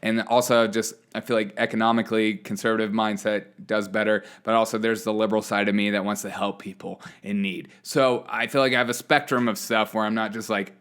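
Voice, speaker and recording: A man's voice: lowish voice, a bit bright, smooth. A man hosting his own show, talking through his views in a rambling monologue full of fillers and restarts. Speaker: show host. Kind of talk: casual opinion monologue.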